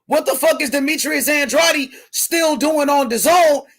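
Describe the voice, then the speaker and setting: A man hosting a boxing commentary livestream, ranting in a heated, profane way and often shouting his questions. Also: extremely high pitch, unhurried, vocal fry. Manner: reads viewer comments aloud.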